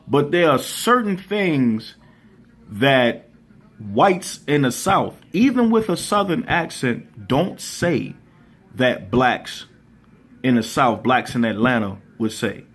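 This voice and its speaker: A man's voice: medium pitch, breathy edge. Man from Baltimore, vlog host, mid-range voice, easygoing and reflective, lots of ums and restarts. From Baltimore, USA. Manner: relaxed and thoughtful, pausing with frequent ums and restarts. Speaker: channel host. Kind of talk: casual opinion vlog.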